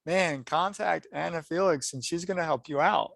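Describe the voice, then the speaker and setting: A man's voice: on the high side, normal speed, creaky, a bit bright, no echo, studio quality. A man hosting a podcast interview, polite and appreciative, thanking his guest often as he wraps up a live stream. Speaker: podcast host. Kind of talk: interview wrap-up. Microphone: live-stream setup.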